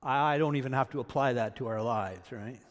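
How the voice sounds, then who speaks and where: A male pastor preaches in a church sanctuary, and his voice carries a long, lingering reverb from the hall. He sits at an average pitch for a man. He moves between forceful emphasis and hushed, low-key remarks. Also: a little fast. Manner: animated preaching, loud emphatic peaks then quiet asides. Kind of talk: sermon.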